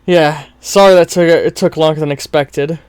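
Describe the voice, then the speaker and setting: A man's voice: fairly high pitch, fairly even intonation, moderate pace, darkish tone, clear, resonant tone, no echo, clean studio sound, lightly acted. Man voicing a fed-up grumbling businessman. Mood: grumpy. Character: weary stylish businessman, grumbling.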